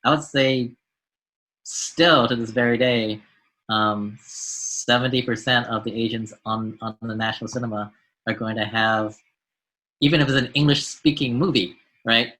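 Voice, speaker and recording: A man's voice: medium pitch, fairly even intonation, measured pace, pushed and bright, poor audio. An American man, a doctor being interviewed on a podcast, speaking in a reflective way and often repeating words as he restarts. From United States. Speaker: guest, doctor and mentor.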